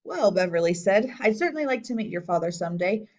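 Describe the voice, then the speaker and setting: A woman's voice: mid-range voice, lively intonation, fast talker, a little mellow, muffled recording, close to an everyday voice. A woman voicing a polite, pleasant grown woman in a storybook reading. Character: friendly adult woman running a gallery.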